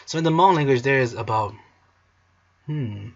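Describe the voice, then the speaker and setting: A man's voice: mid-range voice, animated, quick pace, muffled recording. A man hosting a casual language lesson video, playful and cheesy, sometimes breaking into song. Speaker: language teacher, video host.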